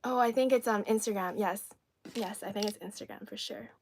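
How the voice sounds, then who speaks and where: A woman's voice: mid-range voice, brisk, slight background noise. A woman from China whose first language is Cantonese, hosting a casual livestream and chatting through a snack taste test while answering viewers' comments. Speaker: livestream host.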